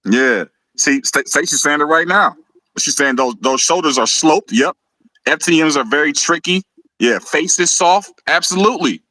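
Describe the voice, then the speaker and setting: A man's voice: fairly high pitch, expressive, normal speed, pushed and bright, no room sound, rough recording. A man hosting a live video stream, talking in a heated, mocking way, laughing often and tripping over repeated words. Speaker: host of a live video show.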